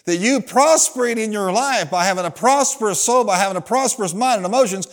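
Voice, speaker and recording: A pastor with a high-pitched voice preaches a little fast in church, drawing call-and-response from the congregation and acting out the characters in his stories.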